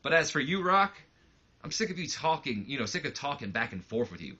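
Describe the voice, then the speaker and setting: A man's voice: mid-range voice, very animated, fairly quick, sharp tone, slightly rough, muffled recording, voice pushed up, full character voice. A man reading out the lines of a brash, cocky young male wrestling promoter in a sneering, boastful promo voice. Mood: taunting.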